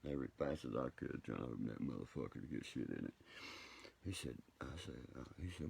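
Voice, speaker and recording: A man's voice: rumbling low, very animated, quick pace, vocal fry, background noise. A man telling rambling, profane stories during a late-night livestream.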